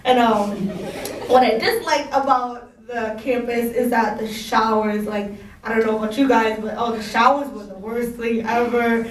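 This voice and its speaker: A woman's voice: fairly high pitch, steady tone, moderate pace, a little hiss or hum. Giggly young woman, echoey far-off room. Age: young adult. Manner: chatty, giggly, says "like" a lot. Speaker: college panel speaker. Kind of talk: casual talk to students. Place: school room.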